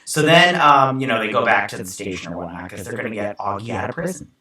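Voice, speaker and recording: A man's voice: lowish voice, fast talker, bright, forceful tone, heavy reverb, far from the mic, low-quality recording. A man hosting a casual episode recap, rambling with many fillers and acting out the characters' lines. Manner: rambling, filler-heavy, acts out quoted lines. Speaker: show host recapping an episode.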